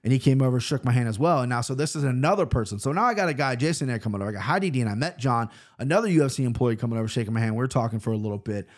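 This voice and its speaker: An American man telling a long story in a loose, rambling, excitable way, swearing often. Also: mid-range voice, very fast, hardly any pauses. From United States. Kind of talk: casual storytelling monologue.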